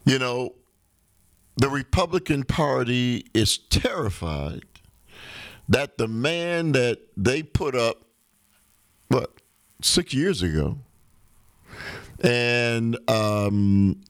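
A man hosting a talk radio show, giving an unhurried, conversational political monologue with rhetorical questions. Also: medium pitch, expressive, no room sound, clean studio sound.

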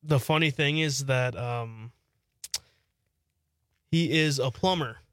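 A man's voice: medium pitch, takes it slowly, fairly bright tone, smooth, no echo. A man co-hosting a casual radio show, laid-back with short replies and dry humor. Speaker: radio co-host. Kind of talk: casual on-air chat.

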